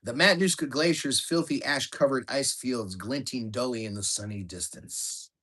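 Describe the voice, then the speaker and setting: Man reading his own memoir, mid-pitched, steady storytelling delivery. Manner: plain storytelling, shouting out quoted lines. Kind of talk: audiobook memoir narration.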